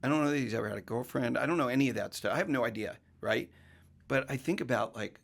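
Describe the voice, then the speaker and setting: Gravelly-voiced man explaining emphatically. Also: medium pitch, fast talker, fairly bright tone. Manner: emphatic, talks in long explanatory runs. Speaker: mortgage professional guest. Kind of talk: casual podcast conversation.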